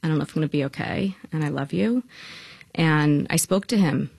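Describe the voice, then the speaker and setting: Gravelly new woman talking fast and urgent in an interview, dry mic. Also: low voice, darkish tone, no echo. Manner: rushed, urgent storytelling. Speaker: widow of a victim. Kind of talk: emotional interview testimony.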